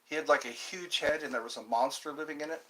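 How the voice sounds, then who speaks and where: This livestream host reads chat messages out loud and then responds, rambling casually across subjects. He talks quickly, with a slightly high voice that comes across pushed and bright.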